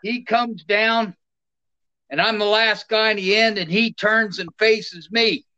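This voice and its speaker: Middle-aged retired army guy telling stories slowly, bright forceful tone. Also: high-pitched, clear, resonant tone, dull audio. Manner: animated, plainspoken anecdotes with laughs. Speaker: guest, retired soldier. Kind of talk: casual storytelling.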